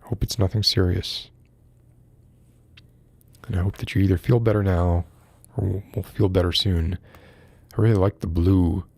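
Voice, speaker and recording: A man's voice: deep voice, fairly even intonation, moderate pace, creaky, pauses often, darkish tone, no room sound. A man hosting a casual livestream, reading philosophy aloud and breaking off to ramble and greet viewers in the chat.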